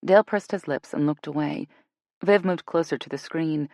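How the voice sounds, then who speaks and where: A woman narrating a romance audiobook in an expressive reading voice. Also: sits low, normal speed, no echo, clean studio sound. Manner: expressive, switches between characters. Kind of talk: scripted narration.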